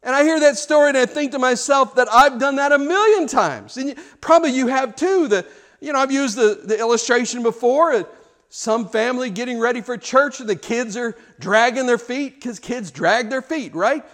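High-voiced preacher telling stories. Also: male voice, normal speed, a bit bright. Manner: storytelling with repeated words and rhetorical questions. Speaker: pastor. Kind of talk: sermon.

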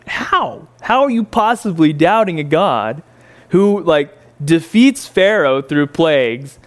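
A man teaches a Bible story casually and conversationally, filling it with rhetorical questions and fillers while swinging between incredulous highs and quiet reflection.

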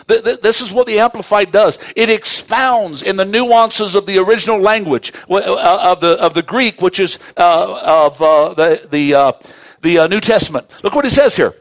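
A male pastor preaches with a fairly high voice. He stretches key words slowly and swings from quiet intensity to loud emphasis, heard close and dry. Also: dry recording. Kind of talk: sermon.

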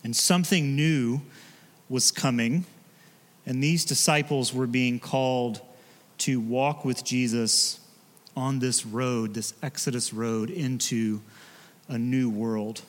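A man, a pastor preaching in a relaxed, conversational way with joking asides to his congregation. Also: medium pitch, takes it slowly, in a large hall. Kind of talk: sermon. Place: church sanctuary.

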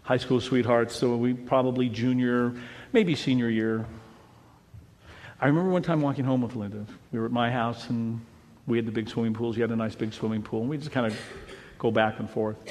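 A middle-aged man preaching a sermon in a lively way, his voice swinging from near whispers up to sudden shouts. His pitch is mid-range and not unusual for a man. A long reverb from the room hangs on each phrase. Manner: animated preaching, swinging between hushed and shouting. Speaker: pastor.

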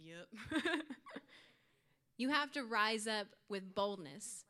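A woman's voice: mid-range voice, expressive, extremely slow, sharp tone. A young woman giving an earnest, informal youth sermon to her church group, with light laughs. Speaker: youth speaker.

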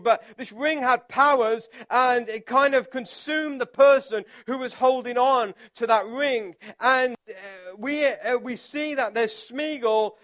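A pastor with a very high-pitched voice preaches in a relaxed, conversational way. His chatty, self-deprecating delivery is full of fillers and restarts.

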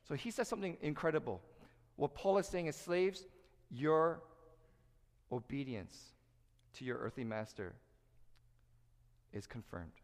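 A man preaching a sermon, animated and lively, acting out quoted voices as he teaches. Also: medium pitch. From United States. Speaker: pastor. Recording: echoey hall reverb.

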